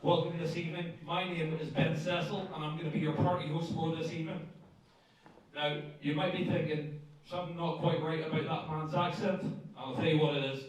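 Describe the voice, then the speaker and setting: An Irish man hosting a wrestling show as ring announcer, building hype with shouted calls to the crowd and joking asides. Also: on the high side, level tone, brisk, recorded from a distance. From Ireland. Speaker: ring announcer and party host. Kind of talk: live event announcing with jokes. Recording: echoey arena mic from afar.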